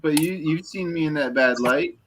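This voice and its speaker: A man's voice: on the high side, normal speed, fairly bright tone, slight background noise, rough recording. A man in casual chat, speaking candidly and stumbling over his words as he restarts.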